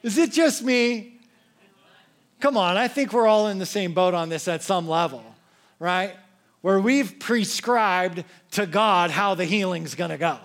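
A young male pastor delivers a sermon in a high, light voice. He talks to the congregation casually, as if chatting with friends, and he acts out quotes with lively energy. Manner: casual, conversational preaching with lively acted quotes.

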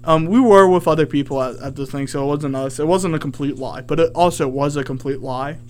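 Animated young man telling a story. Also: a little high, clean tone. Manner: animated, rambling with many fillers. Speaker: radio show host. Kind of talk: casual storytelling chat.

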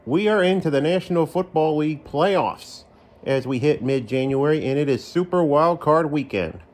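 A man's voice: fairly high pitch, lively intonation, moderate pace, darkish tone. A man hosting his own podcast from his living room, chatting in a folksy, self-deprecating way. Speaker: podcast host. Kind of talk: casual solo podcast monologue.

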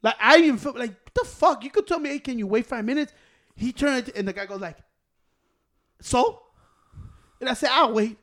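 A man with a high-pitched voice spins a rowdy, profane story among friends. He keeps dropping into Spanish and acts out every person he quotes. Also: quick pace. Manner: profane, animated storytelling, switching into Spanish and acting out quoted people. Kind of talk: casual chat.

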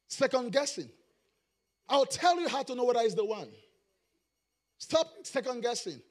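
Man, pastor, sermon, very high pitch, shouted sing-song preaching, middle-aged. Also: very animated, normal speed, long pauses.

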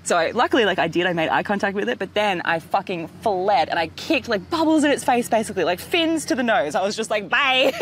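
A woman hosting a podcast outdoors by the water, telling an animated story, swearing and acting out voices. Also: medium pitch, quick pace, few pauses, slight background noise. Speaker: podcast host. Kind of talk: casual storytelling chat.

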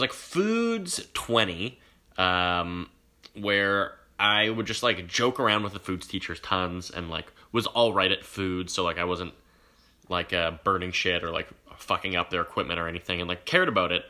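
A young adult man hosting a casual podcast chat, telling an animated story and laughing as he goes. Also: deep voice, moderate pace. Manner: animated storyteller who acts out quoted voices. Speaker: podcast host.

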